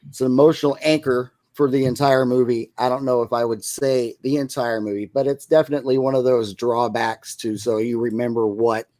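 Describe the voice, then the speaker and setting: A man's voice: medium pitch, fairly even intonation, fairly quick, hardly any pauses, a little mellow, no echo. A man co-hosting a podcast, casually recapping a movie plot and rambling into restarts. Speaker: podcast co-host.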